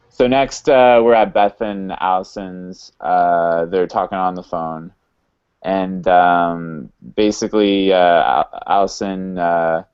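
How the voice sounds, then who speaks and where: A man hosting a podcast, casually recapping a TV episode in a halting way with many fillers and restarts. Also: low-pitched, clear, resonant tone. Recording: dull lo-fi sound.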